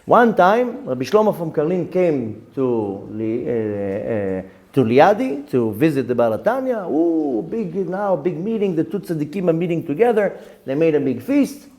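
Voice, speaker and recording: A man teaching a Torah lesson, voice fairly high and mellow. He tells a story with energy, repeats his words as he goes, and acts out the people in it. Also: very animated, normal speed, gravelly. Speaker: rabbi.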